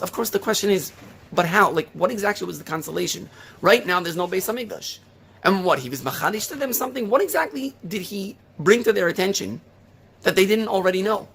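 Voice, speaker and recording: A male rabbi preaching a sermon, firing off rhetorical questions and retelling a story with lively emphasis. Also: sits high, a little fast, vocal fry, slight background noise.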